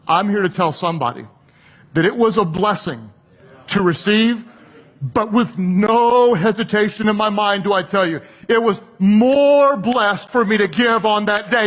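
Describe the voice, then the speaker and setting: A male preacher shares a personal story from the pulpit in a notably high voice. He tells it in an animated way and slips into the voices of the people he quotes. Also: normal speed. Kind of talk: sermon storytelling.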